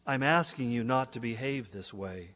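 A man doing a soft pleading voice of God. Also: medium pitch, normal speed, lightly acted. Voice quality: soft, near whisper, then stern. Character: gentle pleading voice of God, male. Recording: echoey hall.

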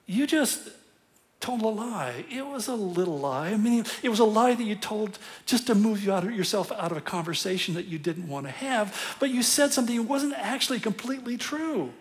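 Middle-aged man preaching; easygoing, self-deprecating pastor who laughs at himself, voice sitting a bit high. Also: fairly quick, hardly any pauses. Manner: conversational and self-deprecating, with frequent chuckles. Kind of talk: sermon.

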